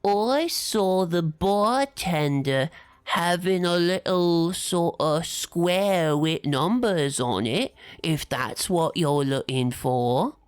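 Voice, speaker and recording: A woman's voice: lowish voice, expressive, takes it slowly, clear, resonant tone, no echo, soft background music. A woman voicing a small, chatty caterpillar-like worm that offers tea in a cozy, folksy way. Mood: chatty, hospitable.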